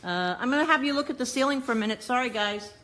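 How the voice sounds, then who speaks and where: A woman's voice: high-pitched, lively intonation, fast, noisy background. Flustered woman fixing her live stream. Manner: flustered, muttering to herself while fixing camera. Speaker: cooking show host. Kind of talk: live stream, talking to viewers. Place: home kitchen, indoors. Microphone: phone or tablet camera mic.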